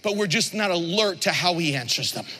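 A man delivering a sermon in an animated storytelling style, often turning to the congregation with questions. His voice is high and forceful, and it rings with the long reverb of a large church hall. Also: a little fast. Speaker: preacher.

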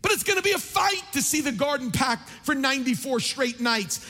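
A man preaching a sermon as pastor, impassioned and building to near shouts. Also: extremely high pitch, animated, brisk. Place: large church sanctuary. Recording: long reverb of a large hall.

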